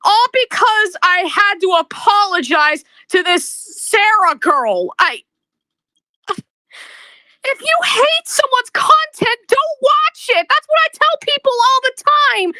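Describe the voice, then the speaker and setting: A woman with a very high, bright voice delivers a bitter, accusing rant straight to camera. She speaks slowly and stammers over her words. The recording is dry and close. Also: no room sound. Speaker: video creator. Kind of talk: emotional rant vlog.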